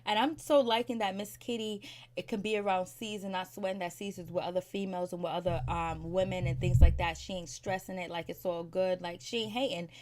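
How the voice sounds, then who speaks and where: A woman's voice: fairly low pitch, steady tone, fairly quick, darkish tone, a little hiss or hum. A woman giving a casual, opinionated recap of a TV episode, chatty and slangy, laughing often between her comments. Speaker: reality TV recap vlogger.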